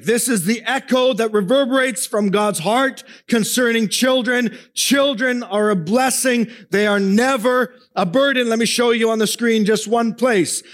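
Pastor, male, high voice, emphatic sermon delivery that swings from raised to hushed. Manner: asks the congregation questions.

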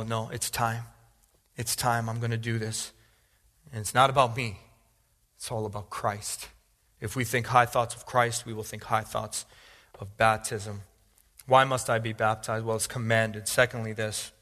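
A male pastor preaching a sermon, repeating phrases and building from calm teaching to loud, pleading appeals. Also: mid-range voice, in a large hall.

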